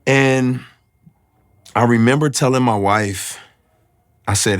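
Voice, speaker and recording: A man telling his personal faith testimony in a reflective, halting, emotional way. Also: mid-range voice, no echo, studio quality. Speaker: guest sharing his testimony.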